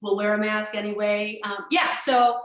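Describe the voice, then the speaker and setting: A woman giving a conference keynote over a video call, talking in an energetic, emphatic way with many fillers and restarts. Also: medium pitch, normal speed, echoey room, rough recording. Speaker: keynote speaker.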